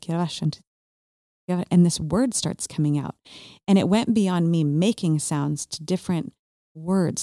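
A woman in her forties telling a personal faith story in casual conversation, animated and acting out her own past thoughts. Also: low-pitched, no echo, studio quality. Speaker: guest sharing a faith testimony.

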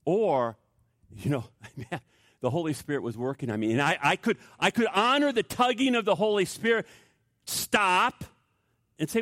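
A man preaching a sermon, emphatic, repeating key phrases and swinging between raised emphasis and hushed delivery. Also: sits high, normal speed, no room sound, studio quality. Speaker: pastor.

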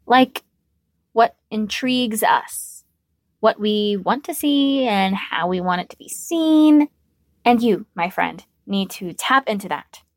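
A woman voicing a cheerful, teasing young female hero who talks in bright, emphatic bursts. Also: mid-range voice, expressive, slow pace, dry recording, clean studio sound. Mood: earnest.

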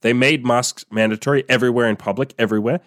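A man's voice: medium pitch, steady tone, quick pace, fairly bright tone, dry recording, studio quality. A man hosting a podcast, talking in a blunt, profane casual monologue and laughing often. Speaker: podcast host.

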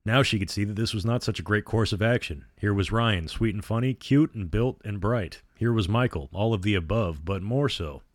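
A man narrating a storybook in a measured, even reading. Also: on the low side, no room sound, clean studio sound.

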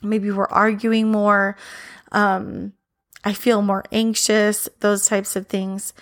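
Mom host in her thirties, earnest and rambling, mid-pitched, voice a bit worn. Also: level tone, slow pace. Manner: earnest, rambling with many fillers. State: losing her voice a little. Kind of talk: encouraging faith talk.

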